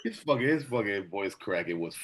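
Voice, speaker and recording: A man's voice: on the low side, lively intonation, fairly quick, a bit bright. A man co-hosting a podcast in casual chat, rambling and repeating himself, swearing freely. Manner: rambling, repeats words, lots of profanity. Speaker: podcast co-host.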